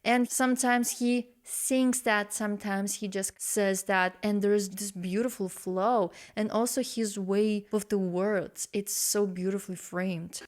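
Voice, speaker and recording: A woman vlogging her reaction to a song, explaining vocal technique in an expressive, analytical way and exclaiming in surprise. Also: mid-range voice. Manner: slow and expressive, gasping and swearing in surprise. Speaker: vocal coach reacting to music.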